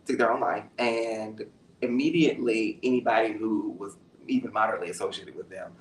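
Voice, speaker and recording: A man's voice: fairly low pitch, fairly quick, reverberant, far from the mic, slight background noise, low-quality recording. A man, a therapist guest on a panel, speaking earnestly and emphatically and acting out quoted dialogue. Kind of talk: candid panel conversation.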